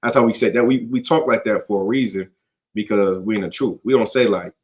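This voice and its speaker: A man's voice: lowish voice, a little fast, darkish tone. A man leading a casual scripture study in a conversational, slangy way, often checking in with "you get what I'm saying.".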